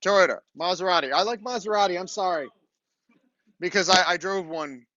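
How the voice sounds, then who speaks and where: Middle-aged man, chatty lecturer, slightly high voice, checks in with "okay?", dry classroom capture. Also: moderate pace, bright, forceful tone, no room sound, lo-fi sound. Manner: chatty storytelling, frequent "okay?" check-ins. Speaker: university lecturer.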